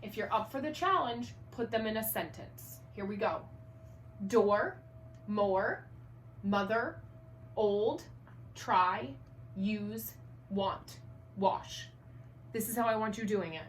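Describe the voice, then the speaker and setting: A woman teaching an online first grade reading lesson, upbeat and encouraging, enunciating clearly. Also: mid-range voice, slow, a little hiss or hum.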